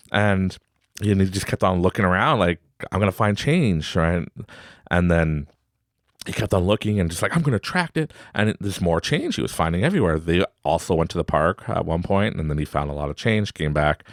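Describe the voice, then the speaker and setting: Man, low voice, animated storytelling with laughter, dry close sound. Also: dry recording. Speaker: podcast host. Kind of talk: casual storytelling.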